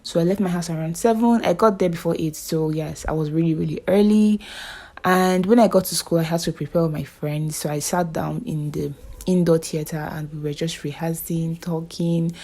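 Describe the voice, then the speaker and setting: A woman's voice: low-pitched, fairly even intonation, normal speed, mellow. A young woman in her twenties with a Nigerian accent, talking casually in a vlog voiceover, chatty and prone to repeating herself. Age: 20s. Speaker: vlogger.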